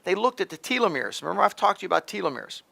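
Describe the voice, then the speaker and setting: A middle-aged man gives health advice in an emphatic, direct way, often restarting mid-sentence. His voice sits a little high for a man. It is gravelly and bright. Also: sing-song, rapid-fire. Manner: emphatic, repetitive restarts, talks directly to the listener. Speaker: host, pharmacist.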